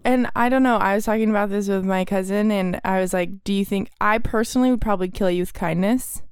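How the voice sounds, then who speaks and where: Smooth-voiced teasing woman co-host. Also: mid-range voice, fast talker, no echo, studio quality. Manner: teasing, laughs often. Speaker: podcast co-host. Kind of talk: casual chat.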